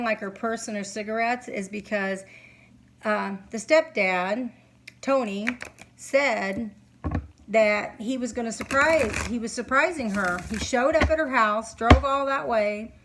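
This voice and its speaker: A middle-aged woman talking to camera at home as a psychic reader, earnest and halting, sleepy and yawning. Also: fairly high pitch, fairly bright tone, poor audio. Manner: earnest, halting, many fillers. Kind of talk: casual monologue to camera. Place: home, candles lit.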